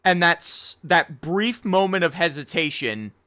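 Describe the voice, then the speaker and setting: High, animated young man streaming games. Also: measured pace. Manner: rambling, self-critical, swears often. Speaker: game streamer. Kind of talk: casual live-stream chat.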